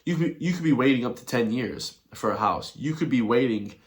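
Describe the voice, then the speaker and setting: A man's voice: mid-range voice, animated, a little fast. A man doing a blunt, repetitive rant in a video commentary, chuckling between his points. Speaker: online commentator.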